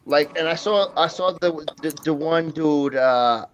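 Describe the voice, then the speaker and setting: A man's voice: on the high side, measured pace, a little hiss or hum. A man hosting a livestream, telling rambling, profane stories in casual chat and laughing often. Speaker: livestream host.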